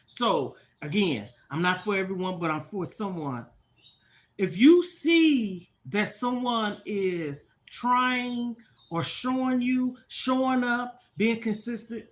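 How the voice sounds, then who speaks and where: Frank older woman talking to viewers. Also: fairly low pitch. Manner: frank, preachy, repeats "okay?" often. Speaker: livestream host. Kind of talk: casual livestream talk to viewers.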